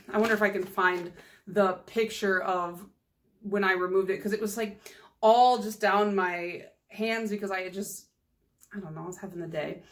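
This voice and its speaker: Chatty giggly woman vlogger. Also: mid-range voice. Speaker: nail polish vlogger. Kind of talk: casual haul video chat.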